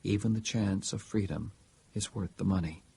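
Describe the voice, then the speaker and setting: A man reading an audiobook, voicing a polite, calm male household robot who speaks formally and quietly. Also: low voice, moderate pace, gravelly, a little hiss or hum.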